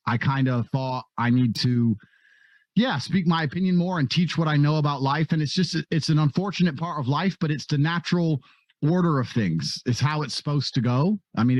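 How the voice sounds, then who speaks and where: Man reminiscing haltingly on a podcast. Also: medium pitch, a little mellow, no room sound, muffled recording. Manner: halting, restarts, swears casually. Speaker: podcast guest. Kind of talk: reflective podcast talk.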